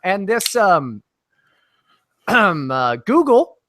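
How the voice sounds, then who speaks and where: A man on as a guest in a casual podcast chat, telling a story in a brash, profane, animated way. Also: high-pitched, drawn-out words, no echo.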